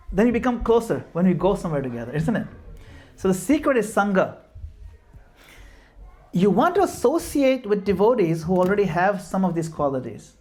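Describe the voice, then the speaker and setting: A man's voice: high-pitched, very animated, normal speed, darkish tone, faint music behind. A middle-aged man from Gujarat giving an informal devotional talk, telling stories and laughing at himself. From Gujarat, India. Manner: storytelling, laughs at himself, mixes in Hindi and Sanskrit verses. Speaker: speaker at a devotional home program.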